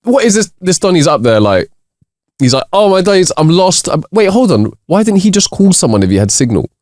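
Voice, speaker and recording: A man co-hosting a casual comedy podcast, telling jokes playfully in a lowered storytelling voice. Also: sing-song, brisk, a little mellow, no room sound, clean studio sound. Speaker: podcast co-host.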